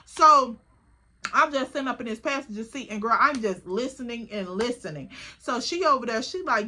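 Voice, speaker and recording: Young female vlogger, high bright voice, chatty storytime delivery. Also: lively intonation, moderate pace. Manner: chatty, profane, keeps addressing the listener as "girl". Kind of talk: casual storytime.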